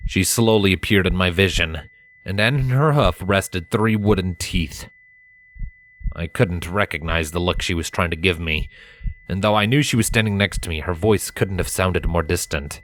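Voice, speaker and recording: A man's voice: sits low, a little slow, a bit bright, a little hiss or hum. A man steadily narrating a first-person fan story as the reader. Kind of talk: audiobook fanfiction reading.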